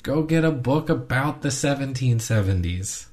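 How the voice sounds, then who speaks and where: A man co-hosting a podcast, chatting casually and ranting with animated asides. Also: medium pitch, normal speed. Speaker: podcast co-host.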